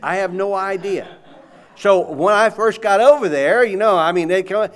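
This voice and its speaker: A man preaching a sermon in an animated, conversational way, asking the audience questions. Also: high voice, moderate pace.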